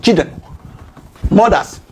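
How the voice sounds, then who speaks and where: A woman's voice: slow, background noise. A woman with a Nigerian accent mixing in Pidgin, giving impassioned political commentary full of indignant rhetorical questions and repeated key words.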